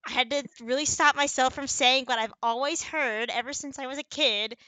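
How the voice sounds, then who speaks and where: A young woman co-hosting a podcast in casual chat, chatty and quick to laugh. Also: high voice, steady tone, pushed and bright, no room sound. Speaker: podcast co-host.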